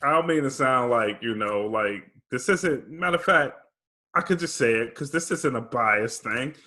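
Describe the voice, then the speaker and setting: A man's voice: medium pitch, lively intonation, moderate pace, pushed and bright. A man co-hosting a podcast, talking things through casually and checking in with "right?". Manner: laid-back, reasoning aloud with frequent "right?". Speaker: podcast co-host. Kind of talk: casual chat.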